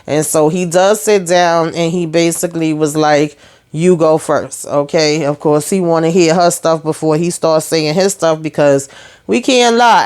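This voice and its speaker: A young woman recaps a TV episode in a loose, sassy way, full of asides and animated retelling. Her voice is smooth and clean, pitched a little low for a woman. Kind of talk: casual TV recap.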